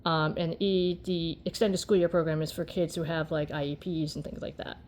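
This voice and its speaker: Rambling, low-voiced woman chatting. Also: flat delivery, moderate pace, a little mellow, slight background noise. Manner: rambling, full of "you know" and "um". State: tired. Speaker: vlogger. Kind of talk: casual chat while crocheting.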